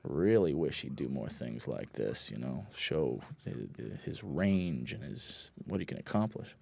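A man's voice: rumbling low, animated, measured pace, gravelly, darkish tone, no room sound. A man, a film director, giving loose, rambling commentary on his own film, full of fillers and blunt asides. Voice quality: rambling, lots of fillers, laid-back and blunt.

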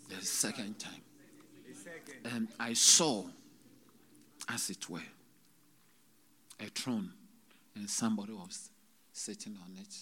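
A man preaching a sermon to a congregation, swinging between loud exclamations and hushed, whispered retelling, halting often as he speaks. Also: mid-range voice. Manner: halting, with many restarts and drawn-out words. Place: church service.

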